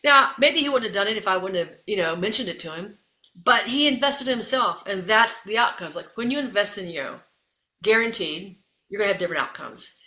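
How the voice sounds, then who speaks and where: A woman's voice: medium pitch, animated, brisk, pushed and bright, reverberant. A woman leadership coach, a guest in an interview, talking with energy and repeating phrases for emphasis.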